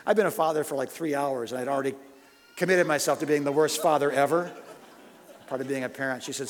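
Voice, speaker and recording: A man preaching a sermon, swinging between loud, urgent questions and hushed, personal storytelling. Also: medium pitch, fast talker, slight background noise. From United States. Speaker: pastor. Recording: long hall reverb.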